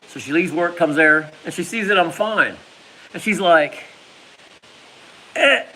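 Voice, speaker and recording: A man spins a casual personal story, his voice sitting a little high and swinging widely up and down. He laughs often and acts out sounds, and a faint hiss runs under the recording. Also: huge pitch swings, slow pace, long pauses, pushed and bright, low-quality recording. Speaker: vlogger.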